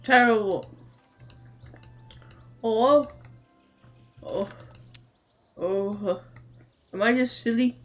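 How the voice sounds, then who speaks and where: A woman streamer chatting casually while playing, loud, excitable and self-mocking. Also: fairly high pitch, very slow, long pauses. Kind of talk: casual live gameplay chatter.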